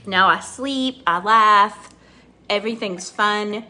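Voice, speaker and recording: A woman's voice: medium pitch, takes it slowly, pushed and bright. Chatty woman doing a makeup tutorial. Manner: chatty, rambling, laughs easily, talks to viewers by name. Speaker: makeup vlogger. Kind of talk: casual makeup tutorial chat.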